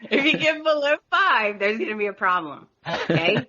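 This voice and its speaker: US woman, podcast host, bright chatty voice, laughs a lot, lo-fi recording. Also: mid-range voice, very animated, moderate pace. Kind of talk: casual podcast chat. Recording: dull lo-fi sound.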